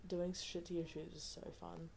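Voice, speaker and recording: A laid-back young woman co-hosting a podcast, swearing freely as she chats. Her voice is low and dark in tone, with a faint hum of noise in the background. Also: level tone, moderate pace, vocal fry. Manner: laid-back, swears a lot, many fillers. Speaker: podcast co-host. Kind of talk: casual chat.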